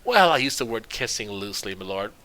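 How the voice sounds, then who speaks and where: A man's voice: lowish voice, very animated, fairly quick, bright, forceful tone, poor audio. A man reading aloud the lines of a boastful male halfling thief who tells a rambling story.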